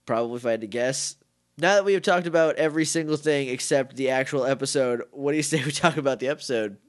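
A young man with a stuffed-up nose co-hosting a podcast, recapping an episode in animated casual chat and laughing often. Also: mid-range voice, fast. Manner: animated, laughs often, acts out quoted lines. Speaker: podcast co-host.

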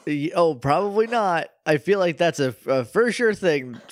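A man's voice: a little high, lively intonation, moderate pace, no room sound. A man co-hosting a podcast in casual chat, making dry, sarcastic quips. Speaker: podcast co-host.

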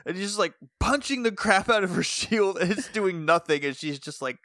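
A man's voice: high voice, normal speed, no echo, clean studio sound. A man co-hosting a podcast in casual chat, joking and acting out quoted lines. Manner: animated, laughs and jokes, acts out quotes. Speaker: podcast co-host.

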